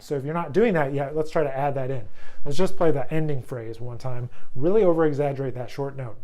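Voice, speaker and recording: A man's voice: medium pitch, a little fast, warm tone. A male music teacher giving a jazz lesson. He counts the band in and scat-sings melody lines for the student to copy. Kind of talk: jazz lesson with sung examples.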